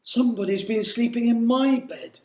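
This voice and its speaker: A man voicing a gentle middle-sized mother bear. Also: very high voice, moderate pace, pitched above the performer's own voice. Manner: gentle, murmuring. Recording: echoey room.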